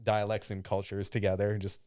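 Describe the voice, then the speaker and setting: A low-pitched man speaks in a smooth, clear voice, his American accent mixed with faint Australian and Southern touches. He rambles casually with frequent ums and little laughs, like a guest telling his story. The sound is close and dry. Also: monotone, a little fast, a little mellow, no room sound. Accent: hybrid American with slight Australian and Southern traces. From Michigan, USA. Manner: rambling, filler-heavy, chuckles often. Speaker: guest, business owner. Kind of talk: casual interview chat.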